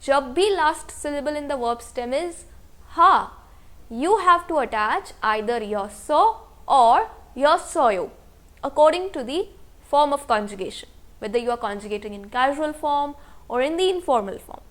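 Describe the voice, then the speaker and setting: A woman teaching a step-by-step grammar lesson. She explains slowly, mixes English with Hindi and keeps checking with "okay?". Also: high voice, lively intonation, fairly bright tone. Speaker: language teacher.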